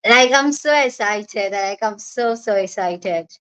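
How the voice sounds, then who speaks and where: A woman's voice: mid-range voice, takes it slowly, fairly bright tone, clean tone, poor audio. A young woman with a Nigerian accent hosting a casual livestream chat from home, bubbly and laughing often as she greets viewers. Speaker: livestream host.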